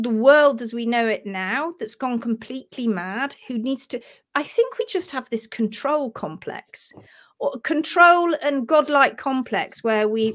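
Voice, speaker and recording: A woman's voice: a little high, fairly bright tone. An English woman hosting a live stream, talking in a passionate, emphatic way. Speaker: host.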